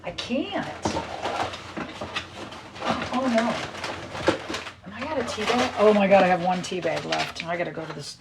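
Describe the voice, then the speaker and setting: A woman's voice: medium pitch, unhurried, creaky, pauses often, very noisy. A middle-aged woman chatting casually on a livestream, rambling and exasperated as she talks to viewers. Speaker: livestream host.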